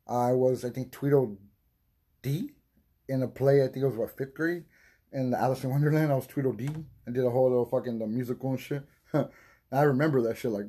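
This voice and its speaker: A man with a husky, breathy voice talks in a loose, rambling podcast monologue. He swears freely, loses his train of thought, and coughs while high from smoking. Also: warm tone. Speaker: podcast host. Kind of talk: casual stoned monologue.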